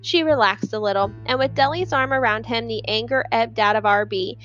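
A woman narrating an audiobook in an expressive storytelling manner. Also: a little high, a little fast, lo-fi sound, soft background music. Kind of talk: scripted narration.

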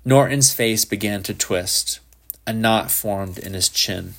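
A man narrating a literary story with a lowish voice and a slow, deliberate pace. His delivery stays measured and even throughout. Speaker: audiobook narrator.

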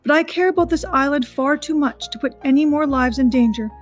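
A woman reading aloud, voicing a gentle and wise female robot who speaks in earnest, measured sentences. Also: high voice, soft background music, lightly acted. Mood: resolute.

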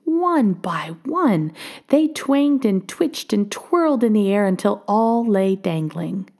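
A woman reading a children's storybook aloud, expressive and often dropping to a hush. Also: medium pitch, takes it slowly.

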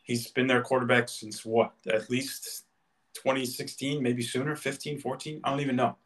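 A man's voice: medium pitch, flat delivery, moderate pace, fairly bright tone. Passionate man arguing sports. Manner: passionate, emphatic arguer. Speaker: podcast co-host. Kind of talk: casual sports debate.

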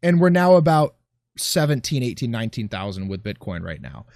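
A man's voice: medium pitch, sing-song, a little fast, darkish tone, dry recording. A man co-hosting a casual podcast chat, talking in a sarcastic, swearing way and often trailing off mid-sentence.

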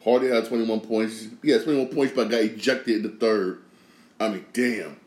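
A man's voice: fairly low pitch, fairly even intonation, normal speed, a little mellow. A man hosting a podcast, giving opinionated sports and news commentary in an emphatic way, repeating phrases and restarting sentences. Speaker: podcast host. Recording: echoey room.

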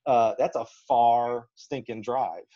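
A man's voice: medium pitch, slow pace. Folksy man from Alabama telling coaching stories. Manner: animated, folksy, acts out quotes. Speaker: track and field coach, guest. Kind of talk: storytelling in a podcast interview. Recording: slightly dull lo-fi audio.

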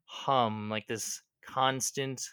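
A man running a tabletop role-playing game as game master, describing scenes at an unhurried pace with frequent ums. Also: medium pitch, fairly even intonation, sharp tone, smooth, dry recording, studio quality.

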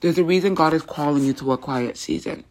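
A woman hosting a faith podcast, talking in an earnest, chatty way with casual slang and quick asides. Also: low voice, a little mellow. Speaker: podcast host. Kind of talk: casual devotional podcast talk.

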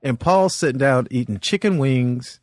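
A male comedian from Los Angeles telling stories on a podcast, animated and laughing often. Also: mid-range voice, moderate pace, no echo. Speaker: guest comedian. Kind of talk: storytelling on a podcast.

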